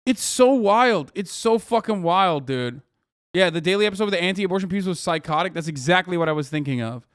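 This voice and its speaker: A man in his thirties rants about politics to a live audience, sarcastic and profane, with frequent swearing. His voice sits high for a man. The sound is dry and close to the mic, with no room reverb. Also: lively intonation, brisk, a bit bright. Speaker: streamer reacting to news clips. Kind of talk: ranting political commentary.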